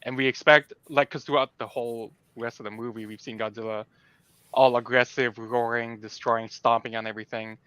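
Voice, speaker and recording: A man's voice: medium pitch, level tone, a little fast, fairly bright tone, clear, resonant tone, no echo. A man co-hosting a podcast, talking earnestly and animatedly about a film, often restarting his sentences. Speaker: podcast co-host. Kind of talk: casual film discussion.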